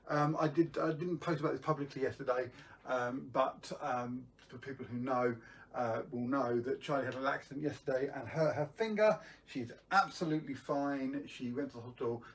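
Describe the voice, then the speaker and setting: A man's voice: medium pitch, recorded from a distance. A man hosting a live magic stream, chatting casually to viewers with lots of ums and restarts.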